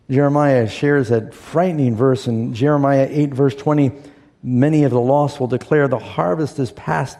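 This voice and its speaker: Male preacher, mellow gravelly voice, storytelling sermon with acted-out quotes, church hall reverb. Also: fairly high pitch. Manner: storytelling with acted-out quotes, asks the congregation questions. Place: church sanctuary.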